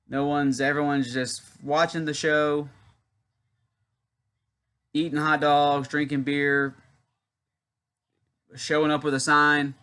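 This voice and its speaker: A man's voice: on the high side, a bit bright, clean tone. A young man from Louisiana hosting a casual wrestling watch-along, rambling and chatty as he tells a story between comments on the match. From Louisiana, USA. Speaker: YouTube wrestling channel host.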